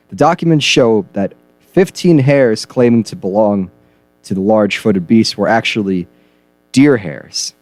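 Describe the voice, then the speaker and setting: A man co-hosting a comedy news radio show, reading stories and giving dry, deadpan reactions. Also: lowish voice, no echo.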